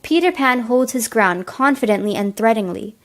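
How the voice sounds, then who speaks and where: A woman's voice: on the high side, lively intonation, fairly quick. A teenage girl reading plain storybook narration for a school play. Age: teens.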